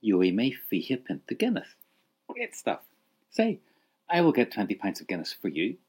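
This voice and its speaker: A man's voice: lowish voice, huge pitch swings, moderate pace, darkish tone, slightly rough. A man leading a spoken language lesson, patiently prompting the listener to repeat phrases and praising each answer. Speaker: language teacher.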